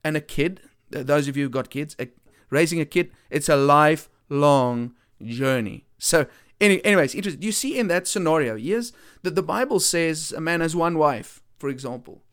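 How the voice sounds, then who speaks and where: A man's voice: on the high side, animated, moderate pace, fairly bright tone, smooth. Earnest man preaching. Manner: earnest, repeats for emphasis, frequent restarts. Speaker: Christian speaker.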